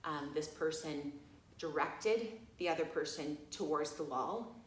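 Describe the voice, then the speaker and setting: Animated woman telling a story, echoey room. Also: low-pitched, measured pace, slight background noise. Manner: animated, laughing, many fillers like "you know". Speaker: massage college teacher. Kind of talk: casual storytelling talk.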